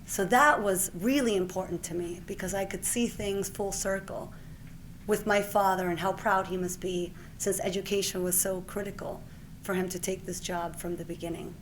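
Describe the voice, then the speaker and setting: A woman in her forties from Puerto Rico gives an awards speech in a mid-pitched voice. She tells her story with lively warmth and often slips into acting out the conversations she recalls. A faint hum of noise sits under her voice. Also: moderate pace. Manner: lively storyteller who acts out the exchanges she retells. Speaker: award recipient giving a speech.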